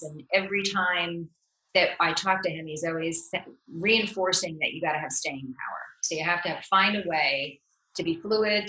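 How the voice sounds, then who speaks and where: Lowish, bright woman in a roomy echo. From New Jersey. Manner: upbeat, laughs easily, reflective. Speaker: guest entrepreneur. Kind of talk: casual interview chat.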